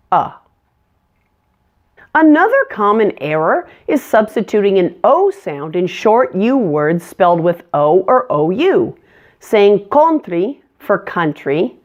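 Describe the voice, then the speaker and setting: Slow, lively-voiced woman teaching pronunciation. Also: medium pitch. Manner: clear, deliberate modeling of words. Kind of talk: scripted pronunciation lesson.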